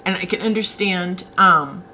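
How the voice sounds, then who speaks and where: A woman's voice: lowish voice, measured pace, pushed and bright, slight background noise, poor audio. A woman author hosting a casual live stream, chatting and answering viewer comments as they come in.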